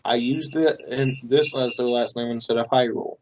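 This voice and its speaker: A man's voice: medium pitch, fairly even intonation. A man runs a tabletop game in a plain mid-range voice, bluntly describing the scene and nudging his players along. The recording is a little dull and muffled, with faint noise behind him. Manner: brisk, blunt, swears casually. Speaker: game master.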